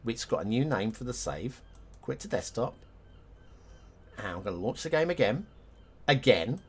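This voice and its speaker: Guy streaming a game live, slow easygoing talk, lots of ups and downs in pitch, chuckles a lot, not a native english speaker. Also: sing-song, husky. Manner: chatty, laughing, thinks aloud to chat.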